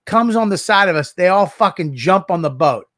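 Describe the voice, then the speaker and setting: Profane animated podcast co-host man. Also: high voice, normal speed, dry recording, studio quality. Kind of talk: casual podcast banter.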